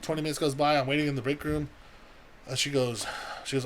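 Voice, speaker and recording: Fast-talking young man telling a wild story. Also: medium pitch, a little hiss or hum. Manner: profane, animated storytelling with acted-out quotes. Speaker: podcast co-host. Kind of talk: casual storytelling.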